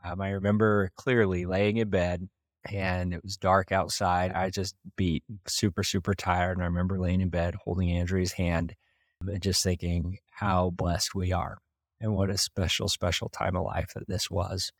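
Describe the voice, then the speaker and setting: A man from Idaho in his thirties, a podcast host telling a heartfelt personal story in an earnest, warm-hearted way. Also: deep voice, level tone, moderate pace, no room sound, clean studio sound. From Idaho, USA. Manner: earnest, heartfelt, with light laughs.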